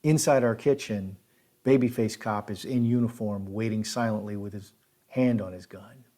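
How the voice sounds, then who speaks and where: A man's voice: on the low side, dark tone. A man telling a story in a casual, rambling way, often repeating himself and restarting his sentences. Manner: rambling, repetitive, halting restarts. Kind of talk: casual spoken recollection.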